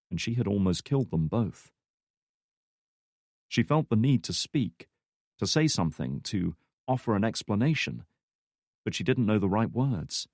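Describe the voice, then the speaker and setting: Low-voiced male audiobook narrator. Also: no room sound, clean studio sound. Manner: steady, even thriller reading. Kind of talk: scripted narration.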